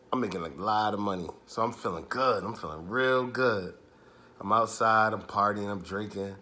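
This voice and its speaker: A young man telling a true street story in casual, animated, profane slang. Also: lowish voice.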